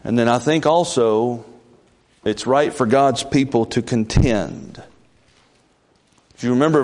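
A man preaching a folksy, conversational sermon as pastor, with sudden leaps in pitch. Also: a little mellow.

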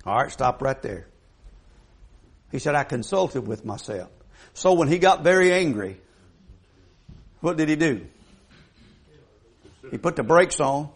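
A man's voice: on the high side, animated, measured pace, pauses often, husky. A man preaching a sermon in a folksy, emphatic way, putting questions to the congregation.

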